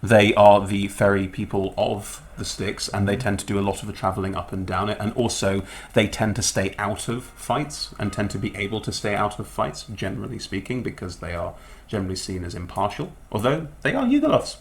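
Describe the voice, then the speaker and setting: A man's voice: lowish voice, animated, fairly quick. A British man narrating a tabletop game as game master, explaining rules and setting at length.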